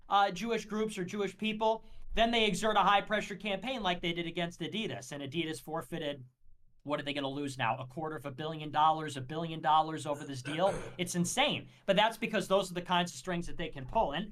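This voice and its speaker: High-voiced guy lecturing steadily on a stream, argumentative. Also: brisk, fairly bright tone. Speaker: guest. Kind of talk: heated livestream debate.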